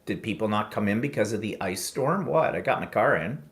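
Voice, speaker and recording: A man spinning a casual story on his talk show, his pitch swooping up and down with lively expression. He slips into sarcasm and quick impressions of the people he talks about, keeping it all chatty and loose. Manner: animated, sarcastic, mimics voices in anecdotes. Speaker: podcast co-host.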